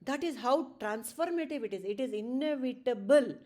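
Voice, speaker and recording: A woman's voice: high-pitched, animated, moderate pace, darkish tone. A woman teaching a spiritual lesson to a study circle, speaking conversationally with fillers and tag questions.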